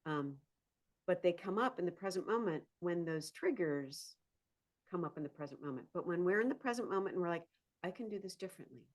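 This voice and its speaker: A woman's voice: lowish voice, a little fast. A woman, a psychotherapist turning to coaching, talking animatedly as a podcast guest. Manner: animated, acts out inner voices and laughs often. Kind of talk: conversational interview.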